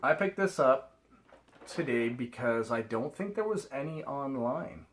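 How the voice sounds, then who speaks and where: A man's voice: medium pitch, animated, a little slow, background noise. A middle-aged man from Canada, rambling chattily through a haul vlog and laughing at himself. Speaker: reseller vlogger.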